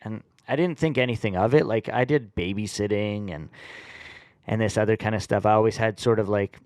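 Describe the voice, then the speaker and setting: Relaxed low-voiced man telling stories. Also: a little fast, no room sound. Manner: relaxed storyteller with many fillers. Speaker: guest. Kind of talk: casual podcast conversation.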